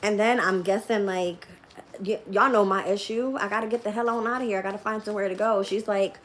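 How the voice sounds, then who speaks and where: A woman's voice: mid-range voice, fairly even intonation, brisk, a bit bright, slight background noise. A woman tarot reader in a casual live-stream rant, blunt and profane, often laughing as she talks. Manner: laughs often while talking.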